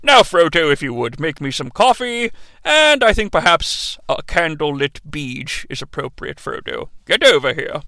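A man's voice: fairly high pitch, big pitch swings, moderate pace, pushed and bright, no room sound, voice pushed down, exaggerated voice. A man doing a lecherous bossy old man.

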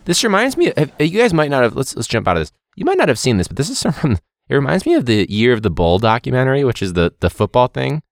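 A man's voice: medium pitch, fast talker, hardly any pauses, no echo, clean studio sound. A young man, a teacher hosting a podcast, talking casually and animatedly, joking and mimicking others. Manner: animated, jokey, mimics people in a loud voice.

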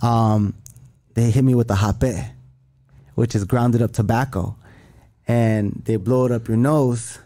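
A man's voice: medium pitch, fairly even intonation, takes it slowly, long pauses, mellow. A young man telling a long story in casual chat, rambling and profane, with many restarts. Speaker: podcast guest.

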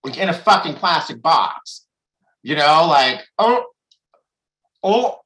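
A man's voice: fairly high pitch, a little slow, sharp tone, poor audio. A man sharing candidly at a recovery meeting, rambling with restarts and frequent swearing. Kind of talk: candid personal share.

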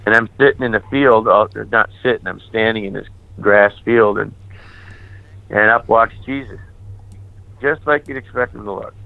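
A male priest telling his personal testimony, candid and animated, acting out the dialogue he remembers. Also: on the low side, normal speed, gravelly, no echo. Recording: tinny phone-like sound.

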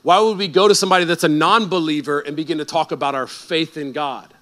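A male pastor preaching a sermon in a conversational, animated way that builds to emphatic peaks. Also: a little high, quick pace.

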